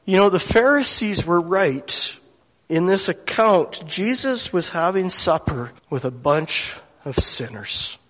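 Guy preaching a sermon, earnest storytelling, kinda high voice, big echoey hall. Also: animated, takes it slowly, fairly bright tone. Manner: earnest, emotional storytelling, acting out dialogue.

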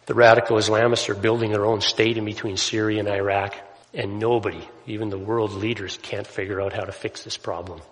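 A man's voice: fairly low pitch, fairly even intonation, a little fast. A man preaching a sermon in a conversational way, often checking in with "right?" asides as he explains scripture. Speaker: pastor. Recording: long hall reverb.

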